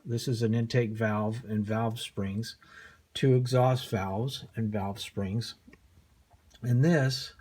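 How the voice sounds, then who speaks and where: A man's voice: fairly low pitch, a little mellow, husky. An older man casually demonstrating an old motorcycle engine part he is rebuilding, in a folksy, self-deprecating way with plenty of ums and uhs. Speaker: hobby motorcycle mechanic.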